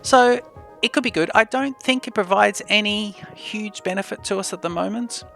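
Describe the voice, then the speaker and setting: A man hosting a let's play, thinking aloud in a chatty, unhurried way as he plans his moves. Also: high voice, gravelly, a bit bright, soft background music. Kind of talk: casual gameplay commentary.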